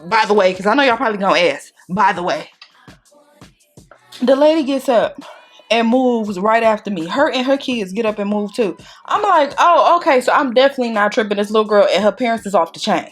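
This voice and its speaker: A young woman chatting casually while doing her makeup, telling a story in an animated way and acting out what people said. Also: medium pitch, a little fast, faint music behind. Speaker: beauty vlogger.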